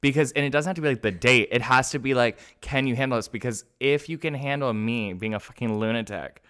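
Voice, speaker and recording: A young man co-hosting a casual podcast, animated and rambling as he acts out his own dialogue and laughs often. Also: mid-range voice, brisk, clear, resonant tone. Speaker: podcast co-host. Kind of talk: casual chat.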